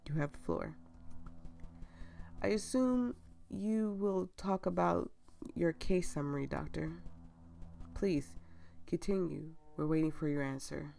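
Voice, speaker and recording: A composed board chairman, as a woman puts him on for a game playthrough. He speaks low and measured, with a formal, steadying manner. A gravelly texture runs under the voice. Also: a little mellow, soft background music, heavily acted. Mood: calm. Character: calm male board chairman.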